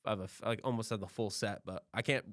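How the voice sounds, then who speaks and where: A man's voice: fairly low pitch, steady tone, fast, no echo, clean studio sound. A young man co-hosting a podcast, telling stories in a laid-back, profane, casual way. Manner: laid-back, swears freely. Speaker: podcast co-host.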